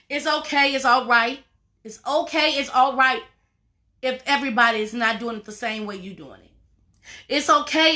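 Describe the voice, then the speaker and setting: A woman's voice: sits high, pushed and bright. A woman life coach giving a motivational talk to viewers, emphatic and informal, repeating her phrases and calling listeners y'all and baby.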